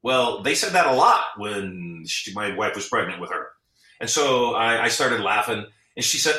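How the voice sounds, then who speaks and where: A man's voice: medium pitch, animated, normal speed, pushed and bright. A middle-aged man talking as a podcast guest, an earnest storyteller who acts out the people he quotes. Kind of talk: motivational interview talk. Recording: echoey, off-mic sound.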